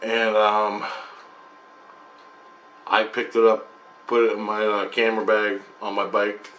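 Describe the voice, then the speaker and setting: A man's voice: on the low side, monotone, fairly bright tone. Rambling man recounting a dream. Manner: rambling, halting storytelling with many restarts. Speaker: channel host sharing spiritual experiences. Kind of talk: casual spoken recounting of a dream.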